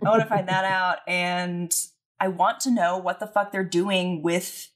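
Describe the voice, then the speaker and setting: A woman playing a tabletop role-playing game, chatting in an eager, excitable way and swearing casually. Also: fairly low pitch, a little slow. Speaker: player.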